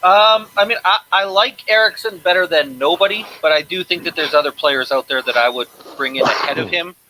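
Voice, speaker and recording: A man from Canada in casual chat, measured and thoughtful. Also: high voice, noisy background.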